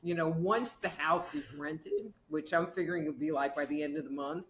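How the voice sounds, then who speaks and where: A woman's voice: deep voice, normal speed. A woman guest tells a rambling personal story, slipping into the voices she quotes. Her voice sounds muffled and dull, as if recorded in a roomy, echoey space. A faint hiss runs underneath. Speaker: guest, medical intuitive. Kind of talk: casual storytelling chat.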